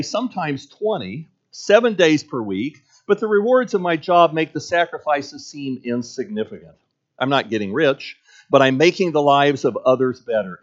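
A man voicing a cool, poised young mother in a story he reads aloud, speaking with slow, deliberate emphasis. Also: fairly high pitch, highs cut off, pitched above the performer's own voice, close to an everyday voice.

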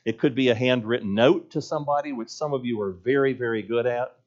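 A man's voice: mid-range voice, quick pace, darkish tone, muffled recording. Earnest preacher man, repetitive cadence. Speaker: pastor. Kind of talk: sermon.

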